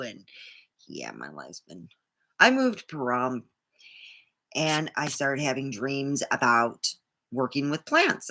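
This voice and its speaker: A woman's voice: low voice, expressive, a little slow, pushed and bright. A woman vlogger talking in a rambling, indignant way, swearing freely as she tells a personal story. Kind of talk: casual monologue to camera.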